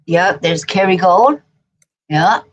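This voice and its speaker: A woman with a somewhat low voice co-hosts a casual livestream. She talks playfully and drifts into anecdotes, teasing her co-host along the way. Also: slow, dull audio. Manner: playful, chatty, tells anecdotes.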